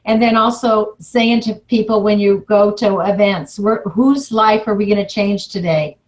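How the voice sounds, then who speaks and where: A woman hosting a group call, warmly thanking a guest speaker in a gushing, effusive way. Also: mid-range voice, fairly even intonation, unhurried, low-quality recording. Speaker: call host. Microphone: phone or computer on a conference call.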